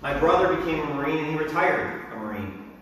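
A middle-aged man preaching a sermon as pastor, animated and bursting into shouts when he acts out crowds and drill sergeants. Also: on the high side, brisk, a little hiss or hum. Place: church sanctuary. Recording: echoey hall, mic from a distance.

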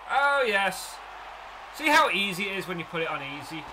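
An English man commenting excitably and cockily as he plays a baseball video game. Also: high-pitched, very fast, slight background noise. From England. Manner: excitable, cocky, talks to himself. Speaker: let's play gamer. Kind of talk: live gameplay commentary.

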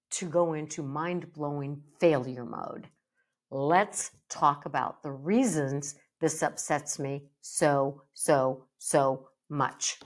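A middle-aged woman hosting a solo podcast, speaking emphatically with a playful, animated delivery. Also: low voice. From United States. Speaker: podcast host and bariatric psychologist.

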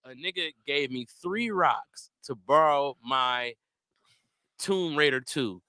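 A man, co-hosting a casual comedy chat and joking loudly. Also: a little high, takes it slowly, no echo. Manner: loud, joking, does voices of people in stories. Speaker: podcast co-host.

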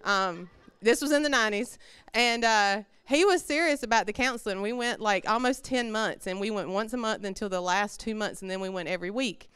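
A woman's voice: medium pitch, fairly quick, fairly bright tone, smooth, no room sound. Woman sharing a heartfelt testimony. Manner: conversational, heartfelt storytelling with fillers. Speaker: church member giving testimony. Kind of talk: personal testimony in a church service.

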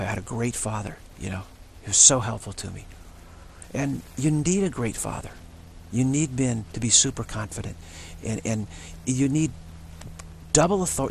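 A man's voice: medium pitch, creaky, slight background noise. A man talking in an unscripted, rambling monologue, often restarting and repeating words. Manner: acts out short quoted voices of others. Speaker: spiritual channel host.

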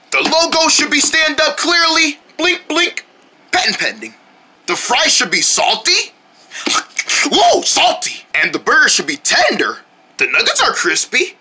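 A woman voicing homemade parody cartoon ads, playfully jumping between character voices and shouted cries. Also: high voice, slight background noise.

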